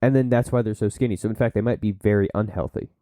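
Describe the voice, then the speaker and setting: Dark-voiced man reading from his notes. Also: on the low side, steady tone, fast, dry recording. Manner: reads sources aloud, then breaks off into blunt asides; slips into silly put-on voices. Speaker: podcast host. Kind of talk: solo podcast monologue, reading and commenting.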